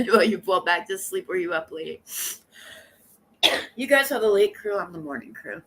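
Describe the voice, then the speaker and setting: A woman hosting a casual livestream, chatting in a rambling, blunt and animated way and greeting viewers by name. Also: mid-range voice, normal speed. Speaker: livestream host.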